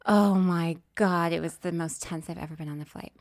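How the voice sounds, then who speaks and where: A woman co-hosting a podcast, telling a story in a casual, animated way and acting out what people said. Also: on the low side, moderate pace. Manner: animated, acts out voices, laughs often. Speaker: podcast co-host.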